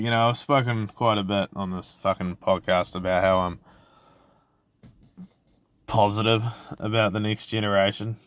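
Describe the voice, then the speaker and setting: A man's voice: fairly low pitch, a bit bright, no echo. A man, hosting a podcast alone and venting about work in a rambling, profane way. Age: 20s. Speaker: podcast host. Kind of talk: casual solo podcast rant.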